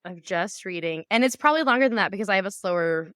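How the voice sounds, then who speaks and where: A woman co-hosting a book podcast, bubbly and excitable in casual chat. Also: mid-range voice, quick pace, no echo, studio quality. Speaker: podcast co-host.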